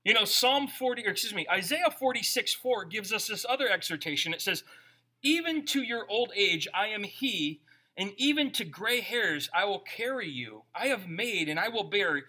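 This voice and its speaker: A man preaching a sermon as pastor, conversational and animated, asking his listeners questions. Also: high-pitched, moderate pace.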